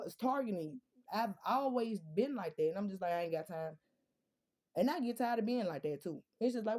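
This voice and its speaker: A woman's voice: on the low side, dark tone. A woman, talking straight to her viewers in a casual monologue, blunt and profane, firing off rhetorical questions. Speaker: vlogger.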